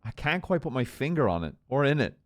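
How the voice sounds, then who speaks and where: A man playing a calm, easygoing sheriff in a role-play game, talking casually with plenty of "you know". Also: mid-range voice, quick pace, close to an everyday voice. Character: laid-back male sheriff. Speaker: sheriff character.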